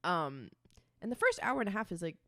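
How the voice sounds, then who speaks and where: A woman in her twenties co-hosting a casual podcast, telling stories in a chatty, animated way and swearing freely. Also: mid-range voice, fairly quick, dry recording, studio quality. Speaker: podcast co-host. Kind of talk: casual chat.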